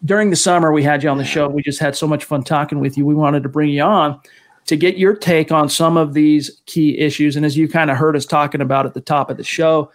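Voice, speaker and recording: A man's voice: on the high side, fairly even intonation, brisk. A man hosting a sports talk show, talkative and often restarting his sentences. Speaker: sports podcast host.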